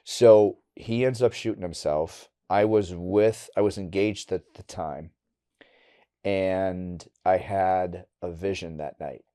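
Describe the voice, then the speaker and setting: Low, dark-voiced middle-aged man. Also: steady tone, smooth. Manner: candid and blunt, with casual swearing; halting and emotional on hard memories, dropping quiet. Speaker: podcast guest. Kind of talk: personal storytelling in a podcast interview.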